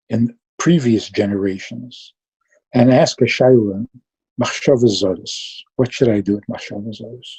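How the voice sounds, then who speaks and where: Dark, husky-voiced man giving a Chassidic talk. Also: mid-range voice, poor audio. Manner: lively storytelling, mixing Yiddish and Hebrew terms. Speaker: Chassidic teacher.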